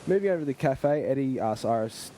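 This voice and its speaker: Male podcast host, mellow tone, casual plot recap with faint noise. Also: mid-range voice, lively intonation. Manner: recapping plot, halting restarts. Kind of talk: casual chat and episode recap.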